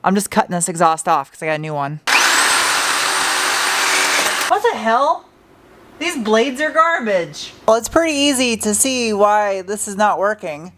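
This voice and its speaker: A woman's voice: medium pitch, animated, unhurried, pauses often, heavy background noise. A young adult woman casually narrating her truck restoration in a garage, joking and talking to herself as she works. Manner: chatty, joking, talks to herself while working. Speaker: car restoration vlogger.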